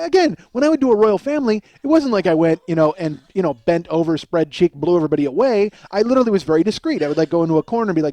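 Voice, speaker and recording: Rambling high-voiced man telling a story. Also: animated, fast, few pauses, mellow. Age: middle-aged. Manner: rambling, self-deprecating, laughing at himself. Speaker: podcast host. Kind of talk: solo comedic storytelling.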